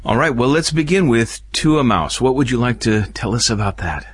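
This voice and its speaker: A male host asking questions and adding calm remarks. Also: mid-range voice, fairly quick, slightly rough. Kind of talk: interview questions.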